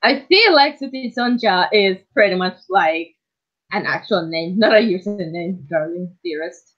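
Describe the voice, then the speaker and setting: Slow-talking woman streamer. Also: lowish voice, lively intonation. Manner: playful, teasing, laughs often. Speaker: streamer and animator. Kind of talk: casual livestream chat while drawing. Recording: dull lo-fi stream audio.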